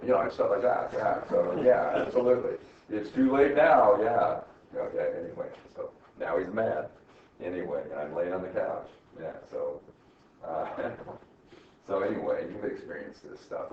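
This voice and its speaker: An older man, a college professor, giving a rambling, chatty classroom lecture and laughing at his own stories. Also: deep voice. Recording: echoey classroom from far off, dull and faintly noisy.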